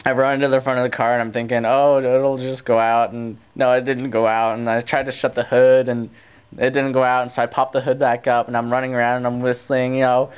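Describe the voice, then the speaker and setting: A teenage boy casually telling a story to his camera, rambling with restarts and growing animated as he retells it. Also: medium pitch, fast, smooth. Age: teens. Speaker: vlogger. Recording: dull lo-fi camcorder tape audio.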